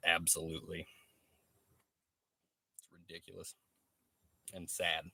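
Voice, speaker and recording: A man's voice: sits low, level tone, takes it slowly, vocal fry, bright, forceful tone, a little hiss or hum. A man chatting casually on a live stream, laid-back, swearing freely and laughing often. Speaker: livestreamer. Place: truck workshop.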